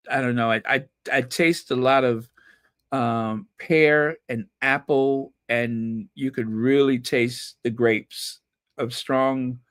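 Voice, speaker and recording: Slow-talking man, chatty vlog host. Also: medium pitch, a bit bright, dry recording, studio quality. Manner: chatty, rambling, repeats words for emphasis. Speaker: royal gossip channel host. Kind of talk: casual solo commentary to viewers.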